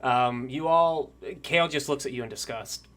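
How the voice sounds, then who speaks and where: A man narrating a tabletop game as game master, pausing often with filler sounds. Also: mid-range voice, fairly bright tone. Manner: halting, lots of "um" pauses.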